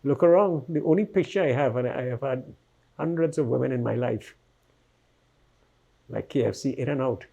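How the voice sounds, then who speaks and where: An older man recounting his life story in a conversational interview, quietly and vividly retelling events and tagging questions onto his sentences. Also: mid-range voice, moderate pace, gravelly, long pauses, slightly rough.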